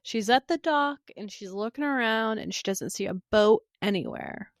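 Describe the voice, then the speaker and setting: A woman co-hosting a podcast, calmly adding short details in casual chat. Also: a little high, normal speed, no room sound, studio quality. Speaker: podcast co-host.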